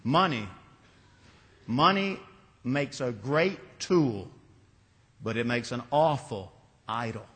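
A man's voice: medium pitch, lively intonation, slow pace, pauses often, fairly bright tone. A man preaching a sermon in a church, telling a story and building his points through emphatic repetition. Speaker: pastor. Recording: long reverb of a large hall.

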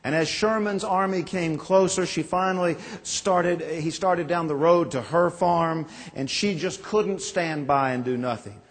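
A man in his late forties delivers a Sunday sermon from the pulpit, spinning folksy anecdotes and poking fun at his own jokes. His voice sits a little high and comes across husky and breathy. A long reverb trails each phrase through the big church. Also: measured pace, few pauses. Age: 40s. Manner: folksy storytelling with self-deprecating jokes. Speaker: pastor. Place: church sanctuary. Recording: long echo of a large church.

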